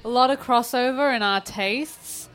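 A woman, a musician guest, chatting on a live podcast in a relaxed, enthusiastic way. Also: fairly high pitch, measured pace, soft background music. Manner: relaxed, enthusiastic, uses filler words. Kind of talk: casual live podcast chat.

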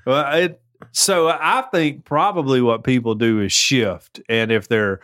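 A man's voice: medium pitch, a little slow, a bit bright, no echo, clean studio sound. A man with a Southern US accent co-hosting a podcast, giving joking, folksy advice in casual chat. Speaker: podcast co-host.

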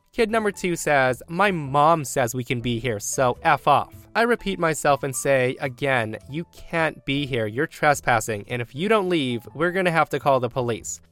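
A man reading a reddit story aloud in a brisk storytelling manner, with lively quoted voices. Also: medium pitch, clear, resonant tone. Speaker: story narrator.

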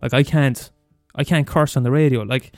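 A young Irish man ranting profanely on his podcast, talking fast and mumbling. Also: mid-range voice, steady tone, darkish tone, dry recording, soft background music. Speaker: podcast host. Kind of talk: casual solo rant.

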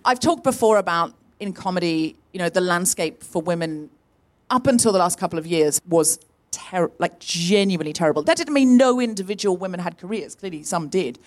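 A woman co-hosting a live comedy podcast, telling a personal story in an animated way and acting out the voices of the people in it. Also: fairly low pitch. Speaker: podcast co-host. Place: live venue stage.

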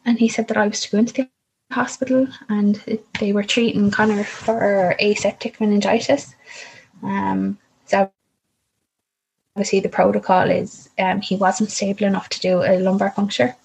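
Husky-voiced woman telling a story. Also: medium pitch, little pitch movement, moderate pace, darkish tone, low-quality recording. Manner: vivid, acts out the voices in her story. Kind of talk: personal storytelling.

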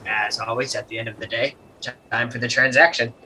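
A man's voice: mid-range voice, fairly even intonation, a little fast, pushed and bright, a little hiss or hum, rough recording. A man voicing a proud male merfolk leader who talks in a stiff, businesslike way. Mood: formal.

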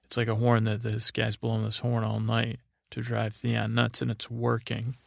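Hosting a podcast, a man gives a drowsy, meandering episode recap meant to lull listeners to sleep, packed with fillers. His medium-pitched voice is completely flat and has vocal fry, at a normal speed. The recording is dry, with clean studio sound.

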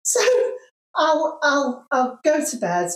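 An older woman from the north of England tells stories with dry, teasing humour. Her pitch is slightly high and swoops a lot as she talks slowly. The sound is roomy and echoey. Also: expressive. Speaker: guest, host's mother. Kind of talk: casual chat. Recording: roomy echo.

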